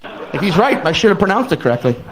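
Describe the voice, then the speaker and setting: A young man performing a stand-up comedy routine on a club stage, telling the story with animated, acted-out exclamations. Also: high voice, fast talker, very noisy. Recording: live audience laughter. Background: crowd laughing.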